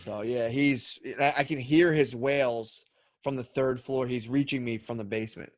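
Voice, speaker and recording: A man's voice: mid-range voice, steady tone, normal speed, no echo. A man in his thirties co-hosting a podcast, telling rambling, profane stories with sudden acted-out outbursts. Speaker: podcast co-host. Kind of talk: casual chat.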